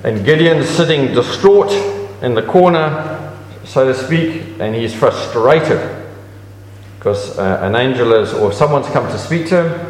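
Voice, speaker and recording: A man's voice: expressive, measured pace. Man preaching in an echoey hall. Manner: conversational preaching with pitch swings and restarts. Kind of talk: sermon. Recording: echoey hall with long reverb.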